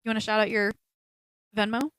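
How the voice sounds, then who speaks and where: A woman co-hosting a casual podcast, telling stories in an animated way and quoting people as she goes. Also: mid-range voice, fairly quick, clear, resonant tone, no echo. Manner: animated storytelling, quotes people in put-on voices. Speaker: podcast co-host. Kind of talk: casual chat on a livestreamed podcast.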